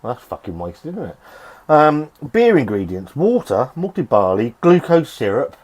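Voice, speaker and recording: This is a sweary, grumbling middle-aged man reviewing beer for a casual vlog in his home shed. His medium-pitched voice is sing-song, unhurried and darkish in tone, swinging up and down as he rambles and restarts.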